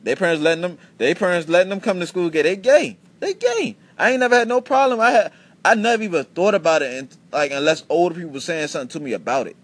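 A young man in his twenties talks alone into the mic as host of his own podcast, rambling through stories. His voice sits a little high for a man. He swears freely and keeps breaking off and restarting his sentences. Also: racing. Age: 20s. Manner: animated, profane storytelling with many restarts. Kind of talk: casual solo podcast rant.

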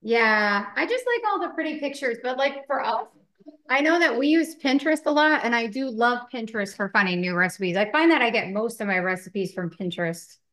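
Woman podcast co-host, slightly high, rambling and giggly, roomy kitchen sound. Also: lively intonation, brisk, a bit bright. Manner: chatty, many fillers, laughs often. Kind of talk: casual chat while baking.

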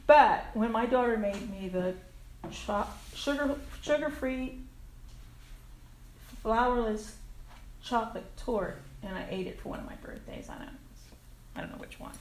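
A woman's voice: fairly high pitch, sing-song, a little slow, long pauses, darkish tone, slight background noise. An older woman sharing her recovery story at a meeting, candid and frank, swearing casually and laughing at herself. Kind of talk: personal recovery share. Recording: echoey room with faint ambience.

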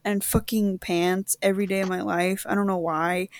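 A woman's voice: medium pitch, flat delivery, normal speed, no room sound, clean studio sound. A young woman co-hosting a podcast, telling a story in casual chat, slangy and swearing, saying bro a lot. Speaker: podcast co-host.

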